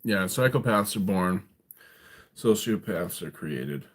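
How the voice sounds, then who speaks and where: A man talks slowly in a lowish voice on a casual home livestream. He rambles through a personal story, stopping often to ask "right?" as he goes. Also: lively intonation. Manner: rambling, tags lines with "right?". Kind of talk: casual storytelling to a live chat. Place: at home, indoors.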